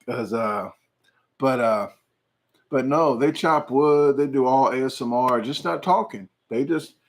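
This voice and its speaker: A man's voice: medium pitch, a little slow. A man hosting his channel, chatting casually and rambling through viewer comments with frequent jokes and laughs. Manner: rambling, jokey, laughs often. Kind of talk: casual livestream chat.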